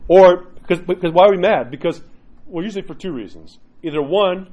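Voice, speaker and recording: A man who is a priest, preaching in a conversational, animated way, with many rhetorical "right?" asides and quoted inner voices acted out. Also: fairly quick, highs cut off. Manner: acts out quoted inner voices with sudden jumps in pitch. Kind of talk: sermon.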